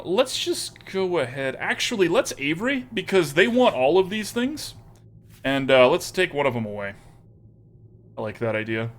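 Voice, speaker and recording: A man streaming live, chatting casually as he plays a card game, thinking out loud and greeting viewers by name. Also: mid-range voice.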